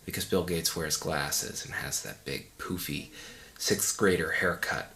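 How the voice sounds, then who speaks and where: A man's voice: low-pitched, measured pace, hardly any pauses, bright, forceful tone. A man giving a mock audio commentary in a pompous, condescending, rambling way. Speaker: commentary host.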